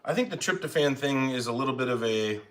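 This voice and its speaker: A man talks over a meal on his home live stream, rambling and poking fun at himself. His voice sits at an ordinary middle pitch, and he sounds like he's talking into a phone. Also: animated, quick pace. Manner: rambling, self-mocking, chatty. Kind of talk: casual chat while eating.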